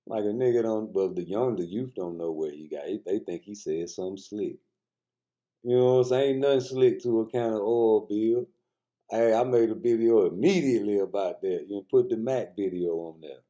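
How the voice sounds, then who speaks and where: A man's voice: lowish voice, moderate pace, warm tone. A man giving casual, profane boxing commentary, joking loosely and talking straight to his viewers.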